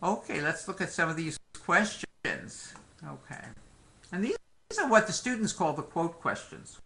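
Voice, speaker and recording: Guy teaching an online exam review, bright voice, calls everyone my friends, jokes around a bit. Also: a little high, expressive, a little slow, gravelly. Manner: frequent "okay" and "my friends" asides; joking, conversational teaching. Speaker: medical exam lecturer. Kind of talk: live online lecture.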